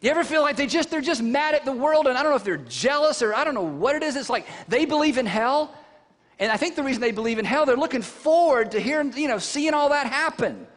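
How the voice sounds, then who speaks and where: A man preaching a sermon, telling the story with animated, conversational flair and putting rhetorical questions to his listeners. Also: very high voice, fast talker. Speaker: pastor. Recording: long reverb from a large hall.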